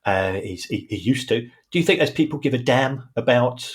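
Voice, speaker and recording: A man's voice: medium pitch, lively intonation, moderate pace. A man co-hosting a podcast in casual chat, hesitant and full of filler sounds. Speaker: podcast co-host.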